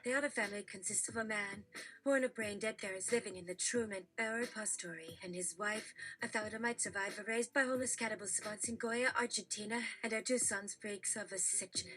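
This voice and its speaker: A woman reading jokes aloud in a brisk, matter-of-fact narrating manner. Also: mid-range voice, a bit bright. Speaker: joke reader.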